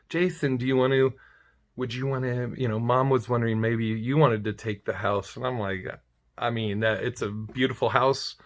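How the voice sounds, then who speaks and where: Bright-voiced man telling a wry story. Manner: profane, wry, bursts into loud high-pitched mock outrage. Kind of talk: casual storytelling monologue.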